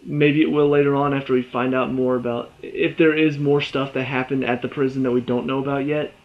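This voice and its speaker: A man talks through a TV episode review in a loose, chatty way, with lots of fillers and side remarks. His voice sits at a middling pitch. The recording sounds a little dull and lo-fi. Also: little pitch movement, fairly quick. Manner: rambling, chatty, many fillers. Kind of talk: casual spoken review.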